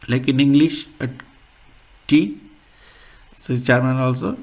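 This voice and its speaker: A man teaching a beginner language lesson, explaining sounds in a halting way and repeating words. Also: a little high, darkish tone.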